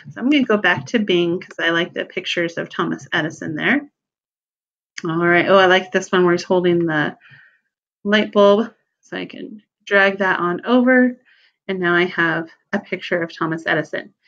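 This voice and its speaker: A woman talks through a software tutorial in a relaxed, unhurried way, pausing on fillers and fixing her own slips as she goes. Her voice sits a little low for a woman. The recording is dull and lo-fi, like a basic screen-capture mic. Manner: relaxed, thinking aloud with ums and self-corrections. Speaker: teacher giving a software tutorial.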